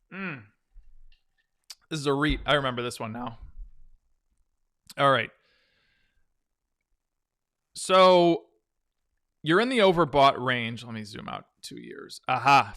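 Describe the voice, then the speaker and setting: A man's voice: medium pitch, sharp tone, dry recording, clean studio sound. A man hosting a live stock trading stream, chatting casually with viewers and talking through charts. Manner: chatty, answers viewer questions while reading charts; hums 'dun dun dun' between tickers. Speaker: stock trading livestream host. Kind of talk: casual live market commentary.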